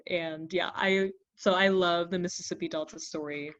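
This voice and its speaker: A woman's voice: on the low side, normal speed, lo-fi sound. A young adult woman, a journalist and filmmaker, telling stories in an oral history interview and acting out what people said in a raised voice. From Brooklyn, New York. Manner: animated storyteller who acts out quotes in a raised voice.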